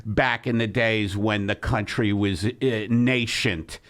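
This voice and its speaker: A man's voice: lowish voice, steady tone, slow, a bit bright. A man hosting a comedy podcast, riffing in a rambling, exasperated way and laughing often. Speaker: podcast host. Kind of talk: casual comedy podcast banter.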